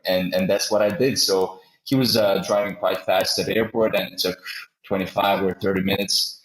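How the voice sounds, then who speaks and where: A man's voice: deep voice, steady tone, normal speed, fairly bright tone, reverberant, slight background noise, low-quality recording. A man on a podcast telling a personal travel story in casual conversation, rambling with frequent restarts and repeated words. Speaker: podcast host.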